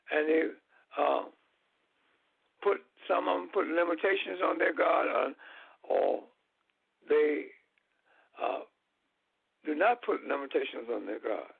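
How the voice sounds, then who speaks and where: A husky, deeply gravelly man speaks very slowly over a tinny, dry phone line. He lays out his points deliberately, stopping often between phrases as a guest speaker. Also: dry recording. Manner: slow, deliberate, halting with many pauses. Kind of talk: lecture-style talk on a call-in show.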